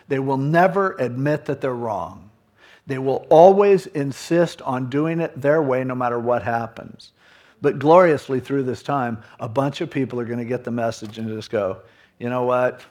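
A man preaching a sermon in a conversational, animated way, acting out what people might say. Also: on the high side, unhurried. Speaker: pastor.

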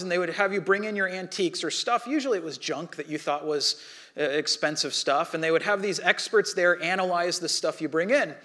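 A pastor preaches a sermon, telling a story with animated, acted-out quotes and softening to a low voice for prayerful lines.

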